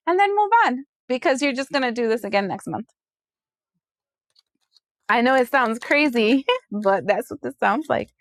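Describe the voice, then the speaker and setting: A woman giving a casual tarot reading, sassy and chatty, acting out other people's voices with big jumps in pitch. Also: no room sound, studio quality. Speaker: tarot reader.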